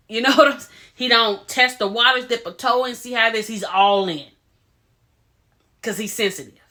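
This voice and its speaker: A woman with a bright, forward voice recaps a reality show episode in a relaxed, chatty way. She is animated and opinionated, and she acts out what the cast said in quoted voices. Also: a little high. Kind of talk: casual recap commentary.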